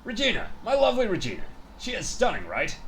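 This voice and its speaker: A man's voice: high-pitched, huge pitch swings, quick pace, a bit bright, a little hiss or hum, exaggerated voice. A man voicing a vain, grandiose male tenor with a self-important manner in a game. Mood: pompous. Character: pompous vain male tenor, ringmaster's rival.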